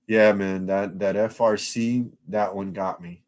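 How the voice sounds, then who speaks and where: A man with a fairly low voice chats loosely on a live stream. He curses freely and rambles, often breaking off and restarting his sentences. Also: steady tone, measured pace, a little mellow, soft background music. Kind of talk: casual live-stream chat.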